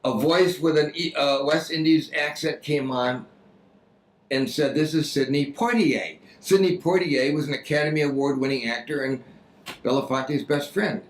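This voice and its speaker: A man giving a talk on fundraising, telling an anecdote in a lively, story-like way. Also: fairly high pitch, normal speed, reverberant, rough recording. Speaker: speaker on fundraising.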